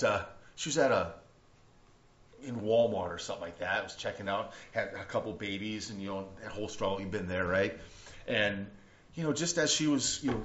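A man preaching a conversational sermon. He tells stories in a rambling way, with many restarts and tag questions like "right?". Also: fairly high pitch. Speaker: pastor. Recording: roomy, dull lo-fi sound.

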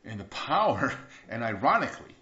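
A man preaching a sermon, earnest, moving between hushed passages and emphatic bursts and repeating words for emphasis. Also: mid-range voice, big pitch swings, moderate pace. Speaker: pastor. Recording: echoey room, dull lo-fi sound.

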